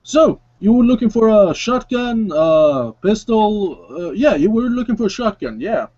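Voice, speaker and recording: A man's voice: high-pitched, sing-song, unhurried, dark tone, voice pushed up, exaggerated voice. A man voicing a brash, slangy male gun dealer with a streetwise, casual manner. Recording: dry, dull lo-fi sound.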